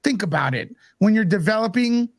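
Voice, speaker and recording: A man hosting a casual livestream chat, blunt and joking, quick to mock. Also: sits high, lively intonation, creaky, no echo. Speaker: show host.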